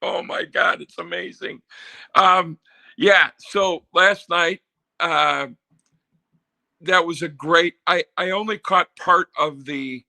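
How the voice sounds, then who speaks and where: A man's voice: high-pitched, takes it slowly, gravelly, bright, forceful tone. A man calling in to a sports show, chatting in a friendly way and thinking aloud with fillers. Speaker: caller. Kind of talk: casual call-in chat.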